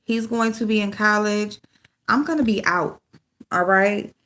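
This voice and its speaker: A woman's voice: medium pitch, measured pace, a bit bright. A middle-aged woman venting in casual livestream chat, frank and loose, swearing freely as she talks to viewers. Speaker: livestream host.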